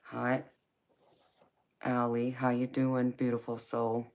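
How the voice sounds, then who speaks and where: A woman's voice: rumbling low, takes it slowly. A woman with a Southern accent from Georgia, chatting casually and drawling on a livestream as she answers viewers. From California. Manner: drawling, relaxed, calls people baby. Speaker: tarot reader on a livestream. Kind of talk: casual live chat reading viewer comments.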